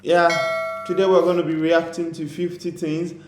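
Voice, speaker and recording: A man's voice: fairly high pitch, monotone, moderate pace. A man from Africa co-hosting a reaction video, chatting casually and joking. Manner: joking, plugs the channel. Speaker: reaction channel co-host. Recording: echoey room with faint noise.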